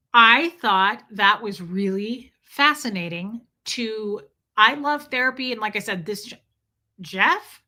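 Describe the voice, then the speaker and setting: A woman's voice: mid-range voice, pushed and bright. A woman hosting a casual livestream, reading chat and rambling, cooing over her cat and swearing offhand. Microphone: streaming setup.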